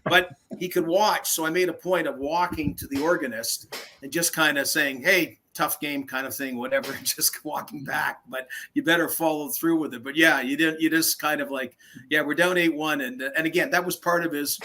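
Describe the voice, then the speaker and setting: A man's voice: a little high, fairly even intonation, moderate pace, bright, forceful tone, poor audio. An older man, a veteran hockey broadcaster, telling anecdotes in a casual interview and acting out the voices he quotes.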